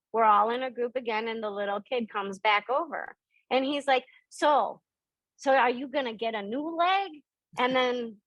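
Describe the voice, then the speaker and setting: A middle-aged woman talks over a video call in a relaxed teaching voice, moving between plain talk and animated acted-out quotes. Her voice sits at an average pitch in a dry, close sound with no room around it. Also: no room sound, dull audio. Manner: storytelling, acts out quoted voices with big pitch jumps. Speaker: spiritual teacher hosting a members' Q&A call. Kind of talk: conversational spiritual teaching.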